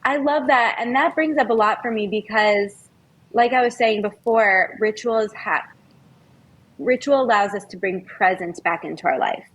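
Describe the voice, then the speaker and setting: Earnest woman guest speaking slowly. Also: mid-range voice, breathy edge, rough recording. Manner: earnest and heartfelt, slows down on key words. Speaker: podcast guest, folk herbalist. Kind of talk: reflective conversational interview.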